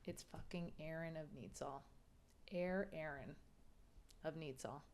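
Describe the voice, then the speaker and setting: A woman's voice: low-pitched, measured pace, a little mellow, a little hiss or hum. A young adult woman giving a casual, exasperated book review rant. She swears freely and drops into a whisper for emphasis.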